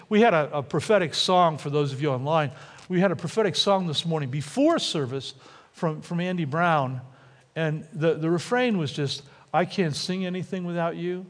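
A man preaches a sermon with a high, lively voice that climbs and falls as he acts out the quotes. The sound carries the long reverb of a church sanctuary. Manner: animated, acts out quotes with rising and dropping voice. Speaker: pastor.

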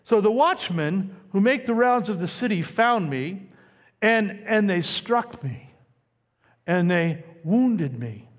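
A man preaching a sermon, teaching in a lively, conversational way with asides to his listeners. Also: sits high, slow pace. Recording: long hall reverb.

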